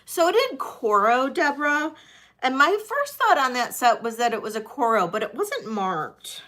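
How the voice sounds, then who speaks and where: A woman's voice: high voice, sing-song, unhurried, bright, forceful tone. A middle-aged woman hosting a live-streamed vintage jewelry sale, chatty and thinking aloud with many ums.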